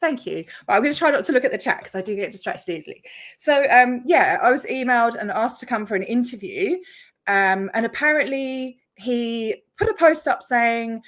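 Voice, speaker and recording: A woman's voice: fairly high pitch, lively intonation, normal speed, a bit bright. An Australian woman hosting her own livestream, chatting casually and rambling as she greets her viewers by name. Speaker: YouTube channel host.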